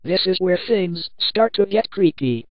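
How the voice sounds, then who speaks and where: A woman's voice: fairly low pitch, animated, a little slow, no echo, lo-fi sound. A woman narrating a first-person horror story in a plain, earnest storytelling manner.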